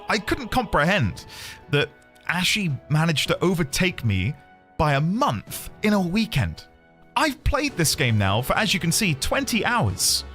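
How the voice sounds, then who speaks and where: A man's voice: a little high, a bit bright. A man in his thirties, streaming a game and chatting casually with his viewers in a rambling, self-deprecating way. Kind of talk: casual live-stream chat.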